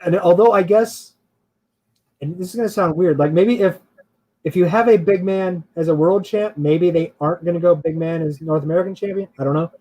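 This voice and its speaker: Man, high-pitched voice, casual co-host chat, laughs a lot, hedging, rambling. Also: brisk, dark tone, highs cut off. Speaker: podcast co-host.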